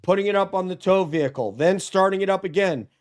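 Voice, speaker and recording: A man's voice: high-pitched, quick pace. A man talking as a guest on a live true-crime stream, emphatic and argumentative as he makes his points. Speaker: guest co-host.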